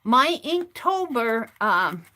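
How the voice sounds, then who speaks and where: A woman hosts an art stream, telling a long story as she tears page edges. Her voice sits a little high, and she talks in a rambling, chatty way with frequent restarts. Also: sing-song, drawn-out words, sharp tone. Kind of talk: casual storytelling while crafting.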